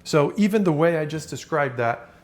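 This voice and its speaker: A man's voice: fairly high pitch, expressive, normal speed. A man giving a casual lesson on communication styles, talking in a loose, conversational way with fillers and restarts, and acting out example phrases as he goes. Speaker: communication coach.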